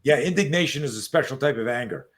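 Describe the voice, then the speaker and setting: A man in his sixties, a self-defense coach telling stories as an interview guest, animated and profane, on a video call. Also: medium pitch, fast talker. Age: 60s. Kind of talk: casual interview storytelling.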